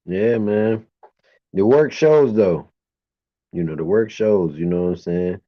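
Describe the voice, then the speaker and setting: A man's voice: deep voice, a little slow, no room sound, highs cut off. A man guesting on a casual live chat, laid-back and profane.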